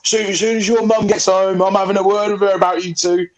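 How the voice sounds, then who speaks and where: A man voicing a grumpy middle-aged male neighbour who scolds in a high, shrill voice. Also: flat delivery, fast talker, a crowd in the background, lightly acted. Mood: threatening.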